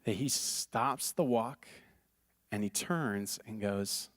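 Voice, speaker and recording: A man's voice: lowish voice, takes it slowly, no room sound, clean studio sound. A male pastor preaching a sermon in an earnest, conversational way, often repeating phrases for emphasis.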